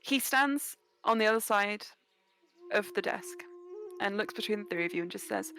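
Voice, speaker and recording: A woman narrating as game master of a tabletop game, playful and quick to laugh. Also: mid-range voice, bright, forceful tone.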